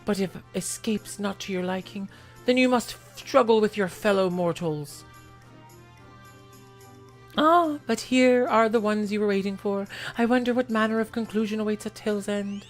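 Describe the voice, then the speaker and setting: A woman's voice: mid-range voice, normal speed, soft background music, close to an everyday voice. A woman voicing a teasing, regal fairy, reading game dialogue aloud in a theatrical, archaic manner. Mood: grand.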